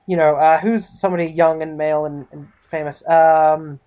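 A woman improvising a comedy TV pitch, rambling, full of fillers, and animated. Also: moderate pace. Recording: slightly dull lo-fi recording.

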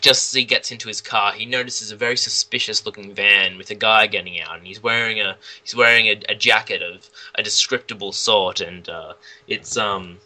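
A man telling a made-up comic film plot in casual, rambling chat, with lots of restarts and deadpan jokes. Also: lowish voice, moderate pace, rough recording. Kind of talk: casual comedic storytelling.

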